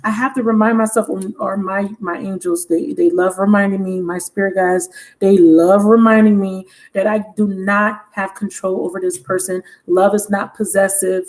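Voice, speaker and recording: A woman's voice: mid-range voice, fairly even intonation, moderate pace, a little mellow. A woman giving a casual, chatty tarot reading on a livestream, talking frankly and laughing often. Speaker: tarot reader.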